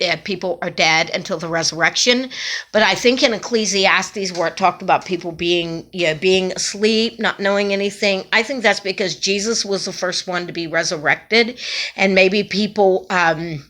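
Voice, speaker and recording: A middle-aged woman tells a personal story from her days as a chaplain. Her voice sits low but sounds bright and forceful. She talks in a halting way, full of restarts and fillers, and gets emotional as she goes. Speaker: former nursing home chaplain.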